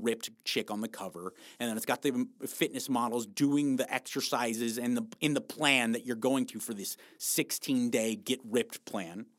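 A man at an ordinary pitch for his sex talks frankly about losing body fat, swearing often and punching his words with emphasis. His delivery is blunt and motivating, as he keeps pushing his listeners to keep going. The recording is close and dry, with no room sound. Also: a bit bright, no echo. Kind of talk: motivational fitness talk.

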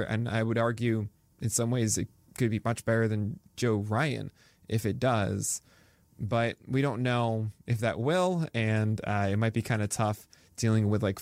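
A man's voice: on the low side, vocal fry, a little mellow, dry recording. A man co-hosting a casual baseball podcast, rattling off stats and cracking jokes. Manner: stat-heavy, jokey, quick to laugh. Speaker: podcast co-host, pitcher analyst. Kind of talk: casual fantasy baseball chat.

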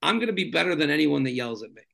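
Brief: male comedian guest, casual chat, slightly high, gravelly tone, loose and rambling. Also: racing. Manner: rambling, filler-heavy, animated storyteller.

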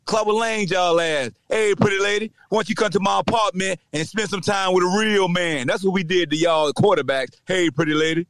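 High-voiced man ranting and taunting. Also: a little fast, few pauses, dry recording. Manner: loud, taunting trash talk with shouting bursts. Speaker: podcast host. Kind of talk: sports podcast rant.

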